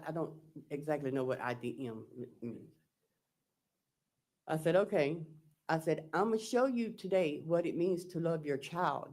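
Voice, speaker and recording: This low-pitched woman, whose tone runs somewhat dark, is testifying in court as the defendant. Reading her texts aloud, she halts and speaks plainly and slowly, recounting every back-and-forth as "I said" and "he said."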